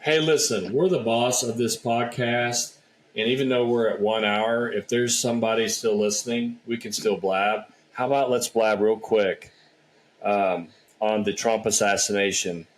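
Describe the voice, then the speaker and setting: A man's voice: fairly low pitch, fairly even intonation, unhurried, a little hiss or hum, low-quality recording. A man hosting a casual remote podcast chat, talking easily and laughing often. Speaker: podcast host.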